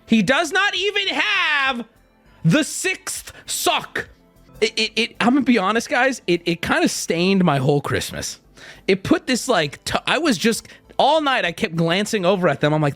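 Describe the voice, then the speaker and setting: Man, streamer, casual profane chat, lively swooping pitch, dry close sound. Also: normal speed, no echo, faint music behind. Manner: animated, profane storytelling.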